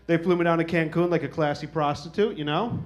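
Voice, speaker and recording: High-voiced, profane stand-up comic. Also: male voice, fast, dull audio. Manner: loose, profane storytelling. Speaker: stand-up comedian. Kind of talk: stand-up comedy set.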